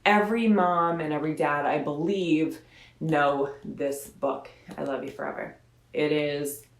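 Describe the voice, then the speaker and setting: A woman radio host at home in her son's bedroom, chatting casually and then reading a children's picture book aloud in a rambling, friendly way. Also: lowish voice. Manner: chatty and rambling, slows down to read. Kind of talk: chatty storybook read-aloud. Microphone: phone or camera set up in front of her. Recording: roomy bedroom sound.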